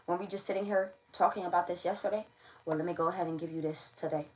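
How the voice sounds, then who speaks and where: A woman's voice: lowish voice, fairly even intonation, fast, slight background noise, low-quality recording. A woman giving a casual tarot reading to camera, slangy and playful, often checking in with her listeners. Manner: slangy, playful, keeps checking in with "all right?". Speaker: tarot reader.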